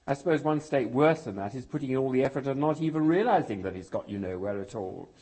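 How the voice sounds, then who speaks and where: An older man from England preaching a sermon as pastor, with dramatic pauses and key words dropped almost to a whisper. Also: mid-range voice, lively intonation, darkish tone, husky.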